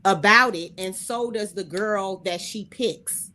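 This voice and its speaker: Animated woman gossiping about reality TV. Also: medium pitch, takes it slowly, a little hiss or hum. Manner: animated, colloquial. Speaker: podcast co-host. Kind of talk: casual chat.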